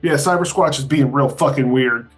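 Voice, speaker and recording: A man's voice: medium pitch, normal speed, soft background music. A man playing in a tabletop game, chatting casually and joking with a ready laugh. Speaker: player. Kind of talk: casual chat.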